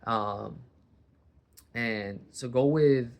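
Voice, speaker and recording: A man from Boston talks into a camera propped on his coffee table at home. His voice sits at an ordinary middle pitch. He rambles casually, cuts himself off and circles back to his point. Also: extremely slow. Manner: rambling, self-interrupting, chatty. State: warm under a sweater, hat and blanket. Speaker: vlogger. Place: home living room, recording on a coffee table.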